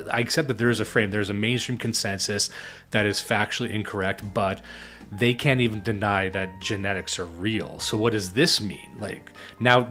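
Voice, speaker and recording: A man with a low voice co-hosts a live stream in loose, casual talk. He is sarcastic and profane and laughs often at his own jokes. Faint music plays underneath. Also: sharp tone.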